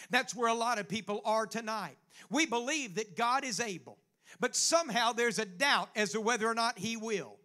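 A man's voice: extremely high pitch, moderate pace, bright, forceful tone. A man preaching a sermon as pastor, quoting scripture and building to fervent exhortation.

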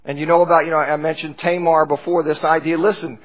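A man's voice: fairly high pitch, level tone, fast, muffled recording. A man teaching a Bible study in church, explaining scripture passages with frequent restarts.

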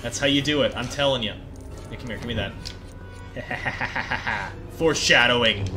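A young man giving excitable, profane commentary over his gameplay, often yelling at the game. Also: mid-range voice, measured pace. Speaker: gaming video creator. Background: game music.

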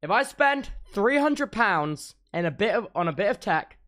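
A man's voice: high voice, very animated, moderate pace, hardly any pauses, fairly bright tone. A young man chatting on a livestream. He swears a lot, rants about tech trouble and repeats himself as he talks. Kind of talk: casual stream chat.

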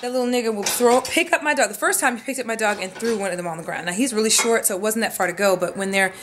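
A woman's voice: on the high side, rapid-fire, noisy background. A woman telling a rambling, profane story in a casual vlog at home, talking straight to the camera. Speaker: vlogger. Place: home room.

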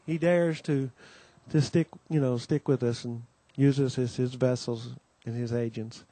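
A man's voice: medium pitch, fairly even intonation, measured pace, warm tone, dry recording. A man hosting a Christian conference, welcoming the audience with homespun stories and many asides. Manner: homespun storytelling, many "you know"s, acts out quoted voices. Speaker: conference host giving the welcome. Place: conference gathering.

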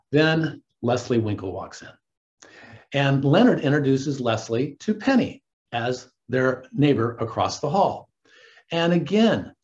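A man's voice: mid-range voice, muffled recording. Earnest man coaching listeners on dating. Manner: earnest, keeps addressing listeners as guys and gentlemen. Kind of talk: casual advice commentary.

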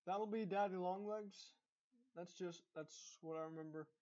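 A man's voice: high-pitched, fairly even intonation, unhurried, a little mellow. A young man with a Texan accent, chatting casually and rambling with lots of fillers and restarts. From Dallas, Texas. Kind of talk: casual accent tag vlog. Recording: dull lo-fi recording.

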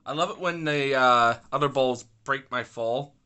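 A man's voice: mid-range voice, moderate pace, bright, forceful tone, clean tone. A young man giving grumpy, rambling commentary while playing an online pool game, swearing and complaining at his opponents. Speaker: gaming YouTuber. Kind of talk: casual gameplay commentary.

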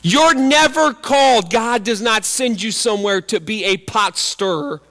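High, bright-voiced man preaching emphatically. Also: a little slow, faint music behind. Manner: emphatic, repeating key phrases and firing rhetorical questions. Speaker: pastor. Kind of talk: sermon. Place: church.

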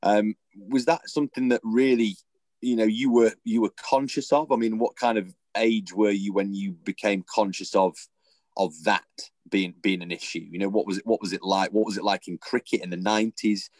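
A man hosting an interview, his voice low-pitched and heard dry with no room echo. He asks long, rambling questions that restart and trip over themselves before landing. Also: fairly even intonation, moderate pace, a little mellow. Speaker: podcast host.

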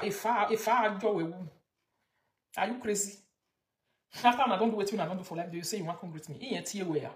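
Scolding Nigerian woman in an echoey room. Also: lowish voice. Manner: gossipy, mocking, lectures the viewer. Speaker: gossip commentator. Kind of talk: scolding commentary.

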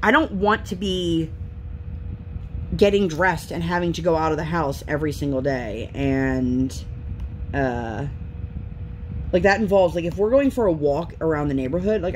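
A woman's voice: sits low, normal speed, a little hiss or hum. A woman in her thirties chatting casually at home while she crafts, rambling through her week. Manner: rambling, chatty, lively storytelling. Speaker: craft vlogger.

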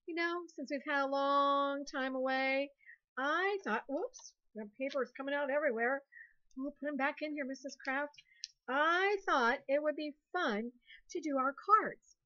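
A woman teacher leads young children through a recorded lesson in a cheerful, encouraging way. Her voice is high and bright, and she spells words out slowly, letter by letter. The sound is muffled and lo-fi. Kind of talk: recorded online classroom lesson.

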